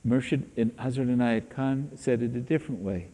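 A man giving a spiritual teaching talk, telling stories in a slow, deliberate way, in an echoey hall. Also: medium pitch, mellow.

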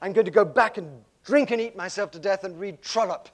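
A man voicing an anguished woman raging at God, howling and keening as he shouts her lines. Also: medium pitch, fairly quick, lightly acted. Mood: ranting.

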